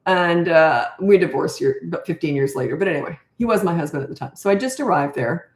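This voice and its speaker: Fast-talking and expressive, her voice sits on the low side with a slightly mellow quality. The speaker, a Canadian woman in her 60s who coaches parents, responds to viewer questions in loose, casual conversation, drifting into rambling, laughter-filled anecdotes. The recording has a roomy echo.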